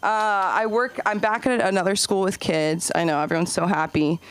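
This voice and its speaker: Woman, stand-up comic, comedy club stage, rambling storyteller, voice leaps high on quotes, middle pitch. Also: steady tone, normal speed, smooth, no echo. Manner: chatty, rambling, swoops high for acted-out quotes. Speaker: stand-up comic and open mic host.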